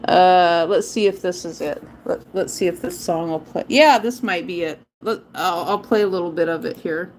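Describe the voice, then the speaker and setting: A woman's voice: lowish voice, moderate pace, hardly any pauses, darkish tone, a little hiss or hum. A woman hosting a live stream, chatting in a rambling way and laughing often. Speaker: livestream host. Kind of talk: casual live-stream chat.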